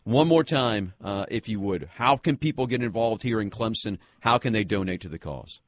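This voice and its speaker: A man hosting a radio interview who speaks earnestly and haltingly, restarting his sentences often. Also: lowish voice, lively intonation, no room sound. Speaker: radio host.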